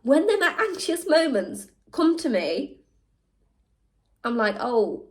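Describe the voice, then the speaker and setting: A woman talking candidly to camera, animated, slipping into mock voices and laughing at herself. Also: high-pitched, slow pace. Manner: animated, switches into mock voices when quoting people; laughs at herself mid-sentence. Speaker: vlog host.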